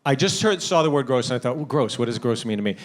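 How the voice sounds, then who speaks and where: A man's voice: medium pitch, expressive, fast talker. A male comedian co-hosting a podcast, telling wry jokes and acting out voices in casual chat. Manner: wry, jokey, acts out voices.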